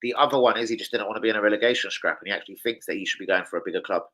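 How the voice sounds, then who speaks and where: A young man ranting casually to camera as a football fan vlogger, sweary, slangy and excitable. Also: fairly low pitch, rapid-fire.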